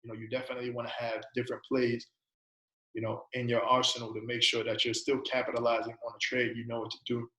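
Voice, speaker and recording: A man's voice: mid-range voice, monotone, quick pace, sharp tone, reverberant, rough recording. A man teaching an informal trading lesson, talking casually, tagging his points with "right?" and "you know", and asking a string of coaching questions. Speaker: trading presenter.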